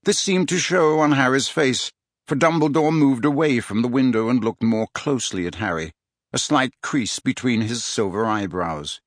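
A man narrating an audiobook in an expressive, dramatic reading style. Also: medium pitch, moderate pace, no room sound, studio quality. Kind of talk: scripted storybook narration.

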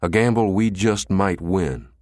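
A man voicing a calm, composed male intelligence director. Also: low-pitched, no echo, clean studio sound. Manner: measured, calm.

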